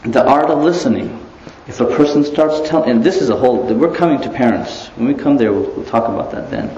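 A man giving an animated religious lecture, often asking rhetorical questions and chuckling, in a roomy, slightly dull recording. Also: mid-range voice, brisk. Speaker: Islamic preacher.

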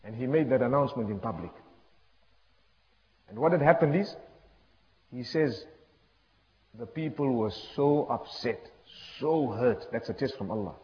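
A man's voice: medium pitch, animated, unhurried, long pauses. A man preaching a storytelling sermon, impassioned and repetitive, sprinkling in religious phrases. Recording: echoey hall, dull lo-fi sound.

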